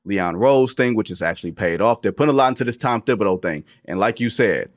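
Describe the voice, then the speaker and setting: Male podcast host, thirties, lowish voice, joking and emphatic. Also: fast, slight background noise. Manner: animated, joking, emphatic slang. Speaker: podcast host, NBA reporter. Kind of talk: casual sports talk.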